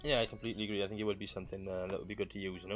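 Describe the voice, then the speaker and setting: A man's voice: deep voice, flat delivery, rapid-fire, over music. A young man hosting a casual podcast, joking around and leaning on "right, okay" fillers. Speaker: podcast host.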